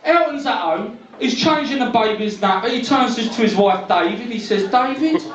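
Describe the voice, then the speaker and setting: Brash high-voiced London comedian. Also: male voice, moderate pace, fairly bright tone, distant mic. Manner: brash, cheeky, leaning on tag questions. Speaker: stand-up comedian playing a cab driver. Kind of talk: stand-up comedy. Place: pub comedy venue. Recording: dull roomy club recording from afar.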